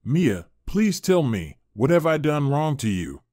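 Timid young wife, man reading, pleading, lively pitch. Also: measured pace, no echo, clean studio sound. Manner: hesitant pleading.

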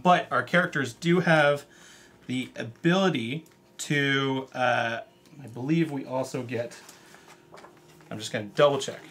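A man's voice: medium pitch, pushed and bright, slight background noise. A man hosting a casual board game stream, explaining the rules in a rambling, easygoing way. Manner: rambling, restarts often, laughs along.

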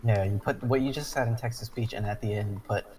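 A man on voice chat teasing his friend and giving quick raid callouts to the team. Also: lowish voice, crowd noise. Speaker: teammate on voice chat. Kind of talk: casual gaming chat. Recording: distant voice-chat mic.

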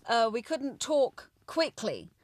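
An older woman from London with a well-spoken English accent, telling stories in a lively, expressive way in an interview. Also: a little high, slow, no room sound. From England, London. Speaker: interview guest, former child show actress. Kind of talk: casual reminiscing interview.

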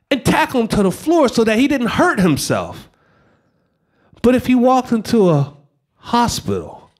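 A man doing a profane stand-up comedy set on stage, swinging from shouting to a hushed mock-calm voice. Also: very high voice, measured pace, long pauses. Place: stage before a live audience.

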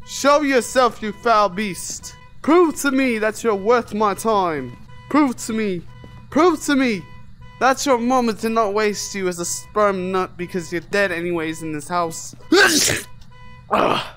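A young gamer narrating a horror playthrough, swearing and taunting the ghost between jumpy moments. The voice swings widely in pitch, and faint music sits underneath. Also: fairly bright tone. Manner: taunting, profane, trash-talking the ghost; jumpy, easily startled. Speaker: gamer playing a VR horror game. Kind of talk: let's-play commentary.

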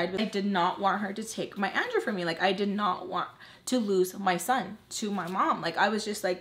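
A woman's voice: mid-range voice, normal speed, a bit bright. A woman in her twenties telling a candid storytime, rambling with lots of fillers and swearing. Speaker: vlogger. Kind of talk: casual storytime vlog.

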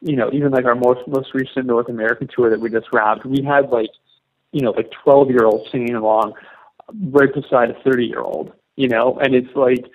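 Canadian male musician guest, relaxed and rambling, full of fillers, heard over a muffled, lo-fi line. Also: mid-range voice, normal speed. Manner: rambling, with many fillers and restarts. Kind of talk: casual interview answers. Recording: dull lo-fi line.

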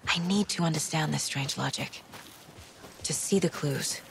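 An actress playing a sharp, determined investigator, speaking in a brisk, analytical way in video game dialogue. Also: female voice, deep voice, vocal fry, slight background noise. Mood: focused.

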